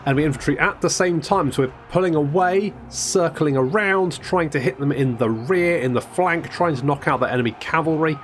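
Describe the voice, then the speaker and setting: A man's voice: a little high, fairly quick, hardly any pauses, slight background noise. A man casually commentating a strategy game, wry and chatty, swearing now and then and restarting his sentences. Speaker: gameplay commentator. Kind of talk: casual let's-play commentary.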